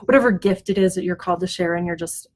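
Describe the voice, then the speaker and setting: A woman's voice: fairly low pitch, fast, slight background noise. A middle-aged woman talking to camera from home, casual and encouraging, with lots of ums and restarts. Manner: chatty, warm-hearted, many ums and restarts; often glances at her notes. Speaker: web designer hosting a weekly mindset video. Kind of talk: casual self-help talk to camera. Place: at home, front yard noise outside.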